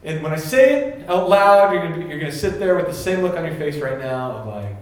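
A young man giving a casual sermon, animated and laughing, acting out voices in his stories. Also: on the high side, a little fast. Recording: very echoey room with faint ambience.

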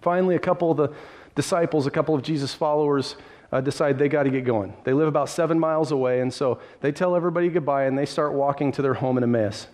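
Brief: male pastor, slightly higher-pitched voice, dramatic sermon storytelling that speaks straight to listeners. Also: fast, darkish tone. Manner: vivid retelling with frequent restarts; addresses listeners directly.

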